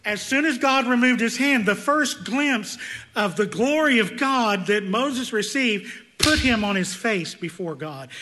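A man preaching a sermon, swinging between loud emphatic peaks and hushed, intense passages. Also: high voice. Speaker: pastor.

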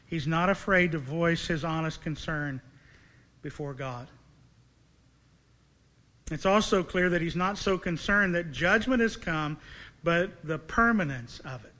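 A man delivers a sermon in a high, bright voice. He preaches earnestly and keeps turning to his listeners with direct, searching questions.

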